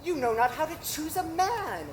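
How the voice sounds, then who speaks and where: A woman playing a garrulous, bawdy old nurse in a live stage play groans, teases and drags her words out slowly. Her voice is high and swings widely up and down. A steady hum of background noise runs under the recording. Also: poor audio. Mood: teasing. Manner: teasing, groaning and laughing, drawn-out. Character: garrulous older female nurse, bawdy and complaining.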